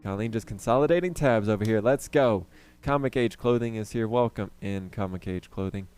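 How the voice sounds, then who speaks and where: A man's voice: lowish voice, a little fast, darkish tone, smooth, soft background music. A young man chatting casually on a live stream, greeting viewers by name and rambling with fillers and restarts.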